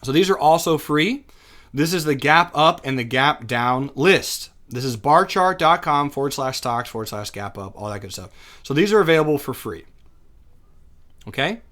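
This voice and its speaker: A man's voice: a little high, expressive, moderate pace, fairly bright tone. Chatty man teaching off a chart. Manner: casual, chatty, thinking aloud with fillers and self-corrections. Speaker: day trading teacher. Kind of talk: screen-share chart lesson.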